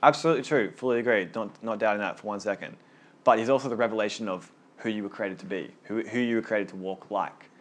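A man's voice: on the low side, quick pace. A man leading a small Bible study group, teaching casually and earnestly, often repeating words as he gets going.

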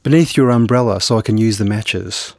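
A novelist guest with a somewhat low, darkish voice discusses his novel in a conversational interview and book reading. He speaks unhurriedly and hesitantly, halting with fillers, false starts and restarts. The sound is dry and close, with no room sound around it.

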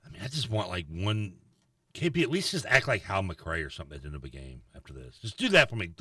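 A man's voice: sits low, sing-song, fast, bright, forceful tone, dry recording, distant mic. A man co-hosting a casual sports radio show, complaining with sarcastic exasperation.

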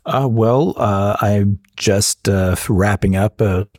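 Husky low-voiced man, relaxed podcast chat. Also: slow, dry recording, clean studio sound. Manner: relaxed, hesitant with many fillers. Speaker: podcast co-host.

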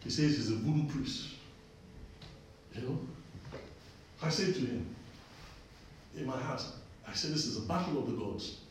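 A man's voice: medium pitch, expressive, unhurried, long pauses, slight background noise. Man preaching in an echoey room. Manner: conversational preaching, repeats phrases for emphasis. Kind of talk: sermon with personal story. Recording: echoey distant room recording.

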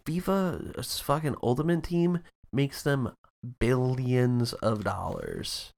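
Casting: young adult man, casual podcast co-host, mid-pitched, swears a lot, animated, goes into mocking bits. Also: takes it slowly, creaky. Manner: profane, animated, mocking impressions. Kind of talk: casual chat.

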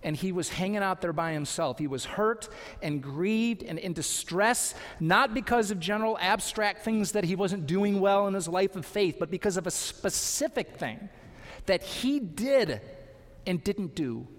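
Man, pastor, emphatic sermon, high voice, long church reverb. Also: lively intonation, a little slow. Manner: earnest, emphatic preaching with rhetorical questions.

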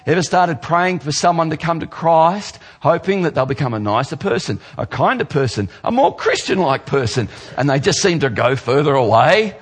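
A male pastor preaching a sermon, dropping low and slow for scripture and jumping higher for playful mock voices. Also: expressive, slightly rough.

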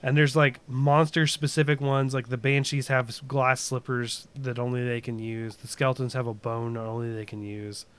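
A man's voice: mid-range voice, level tone, normal speed, hardly any pauses, clean tone. A man chatting casually about a video game, rambling with lots of fillers and restarts.

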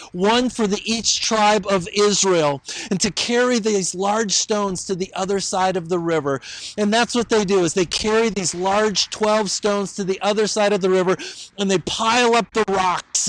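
A man's voice: sits high, dry recording, poor audio. A male pastor preaching a sermon in a conversational, storytelling manner with filler words.

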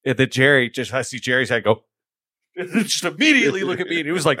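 A man's voice: mid-range voice, animated, fast, pushed and bright, dry recording, studio quality. A man co-hosting a podcast, telling a crude story in casual chat, swearing often and laughing as he goes. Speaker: podcast co-host. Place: studio.

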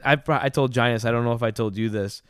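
A man's voice: mid-range voice, fairly even intonation, fast talker, clear, resonant tone, no room sound, clean studio sound. A young man, a podcast guest, telling rambling stories in casual chat, often restarting his sentences.

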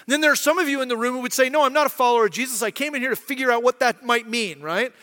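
Male pastor, thirties, high bright delivery, chatty sermon, church hall reverb. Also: racing. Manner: conversational, keeps asking "right?"; acts out quoted voices.

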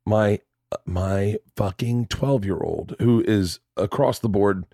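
Speaking slowly in a fairly low, creaky, husky voice, this man in his forties hosts a podcast and spins stories in a casual chat. He swears without restraint and performs the voices of his characters with animation, captured in a dry, studio-quality recording.

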